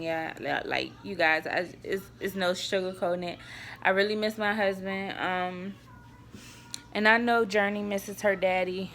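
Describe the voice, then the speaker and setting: A young woman vlogger chats to viewers in a casual home cooking vlog, recorded on a tripod-mounted camera in her kitchen, sighing now and then and fighting back tears. Her medium-pitched voice is a little slow and fairly bright, with vocal fry and slight background noise.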